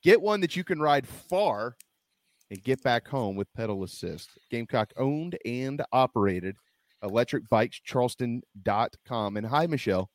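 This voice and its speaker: Male sports talk host, mid-pitched, upbeat ad reads, dry close sound. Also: expressive, moderate pace, no room sound. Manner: upbeat, salesy, chatty. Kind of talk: casual sports radio chat and ad reads.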